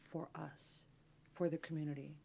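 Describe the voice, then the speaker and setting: A lower-pitched woman tells childhood stories to an interviewer, her delivery animated and expressive. She is a mezzo-soprano from Los Angeles and talks freely, with a singer's ease. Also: normal speed, creaky, a little hiss or hum. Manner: animated, warm storytelling with lively acted quotes. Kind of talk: interview, personal storytelling.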